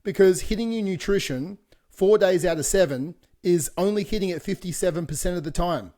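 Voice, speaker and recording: A man's voice: high voice, brisk, mellow. A man co-hosting a fitness podcast, talking bluntly in casual chat and swearing freely. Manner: blunt, swears freely, laughs between points. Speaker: podcast co-host, fitness coach.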